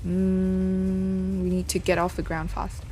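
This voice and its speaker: A woman's voice: medium pitch, monotone, slow, mellow, a little hiss or hum. A woman streamer giving casual, hesitant commentary while playing a game, mumbling with many fillers.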